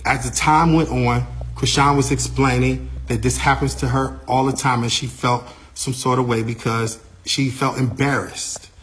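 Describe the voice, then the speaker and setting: A man, an artist's manager, recounting a backstage incident in a lively, casual way, repeating himself and using slang. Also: mid-range voice, moderate pace, hardly any pauses. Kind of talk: animated storytelling.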